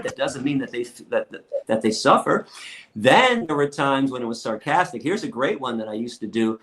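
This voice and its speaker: A middle-aged man telling stories in an interview, blunt and profane, acting out other people's lines as he goes. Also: medium pitch. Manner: blunt, profane, fired-up, acts out quotes. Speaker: guest lecturer and activist. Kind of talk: animated interview storytelling.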